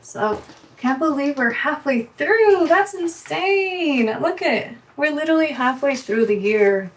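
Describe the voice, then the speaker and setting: A young woman vlogging casually as she counts bills aloud, chatty and quick to correct herself. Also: high voice. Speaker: budgeting vlogger. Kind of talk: casual talk while cash stuffing. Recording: voice from a distance, faint background noise.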